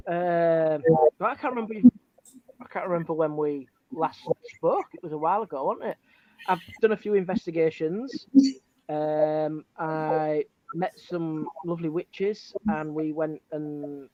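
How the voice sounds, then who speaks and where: A man's voice: on the high side, a little mellow. A man who is a paranormal investigator and ghost walk guide, chatting casually and hesitantly, with many ums. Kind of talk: casual chat. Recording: dry, dull lo-fi sound.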